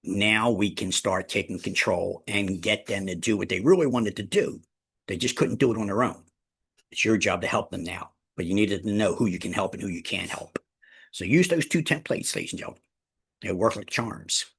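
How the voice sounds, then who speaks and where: A man leading a real estate team meeting, emphatic and repetitive, often addressing the room as ladies and gentlemen. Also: lowish voice, normal speed, gravelly, breathy edge. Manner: emphatic, repeats key phrases, addresses listeners as ladies and gentlemen. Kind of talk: motivational team meeting talk.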